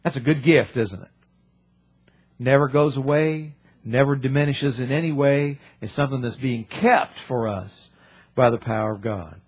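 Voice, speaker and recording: Husky-voiced man preaching. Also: mid-range voice. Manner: slows down for emphasis, repeating key phrases. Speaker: pastor. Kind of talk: sermon.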